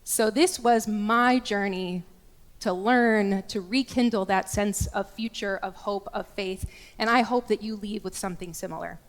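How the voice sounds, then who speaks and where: Woman, guest lecture, lively and candid, echoey church hall. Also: mid-range voice, unhurried. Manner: candid and lively, jokes with the audience. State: getting choked up. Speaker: guest speaker. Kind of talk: lecture talk. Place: large church.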